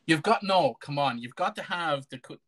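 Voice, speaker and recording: A man's voice: fairly high pitch, animated, normal speed, a bit bright. An Irish man hosting a casual live stream chat, joking and bantering with lots of fillers and restarts. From Ireland.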